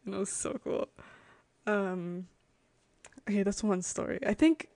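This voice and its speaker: Here a young woman from Connecticut, USA, hosts a podcast and wanders through stories from her childhood, full of "like" fillers and giggles. Her mid-range voice is warm and a little slow, recorded without echo.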